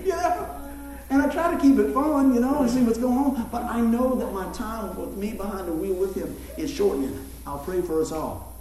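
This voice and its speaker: A man's voice: very high voice, normal speed. A middle-aged man, preaching a folksy, joking sermon to his congregation. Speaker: pastor. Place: church sanctuary. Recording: echoey church room, mic far off.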